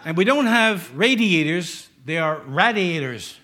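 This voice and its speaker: High bright-voiced New York pastor. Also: male voice, lively intonation, a little slow. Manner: joking, conversational preaching with asides. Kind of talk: sermon.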